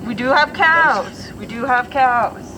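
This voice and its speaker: A woman's voice: sits high, slow, noisy background. A woman educator leading students around a model, asking questions and laughing easily. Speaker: station educator. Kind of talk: hands-on classroom lesson.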